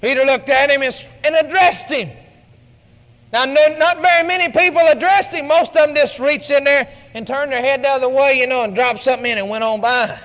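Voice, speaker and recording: A man preaching a sermon, telling the story dramatically and building to shouted lines. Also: very high-pitched, fairly quick, in a large hall.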